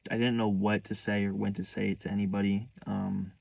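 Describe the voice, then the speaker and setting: Young male vlogger, low fry-heavy voice, dry close sound, candid halting storytelling. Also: level tone, darkish tone, no echo. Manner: halting, restarts often, earnest and hurt.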